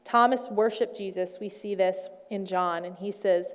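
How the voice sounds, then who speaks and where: A woman's voice: medium pitch, measured pace, long reverb tail. A woman preaching a sermon in a conversational way, with playful asides.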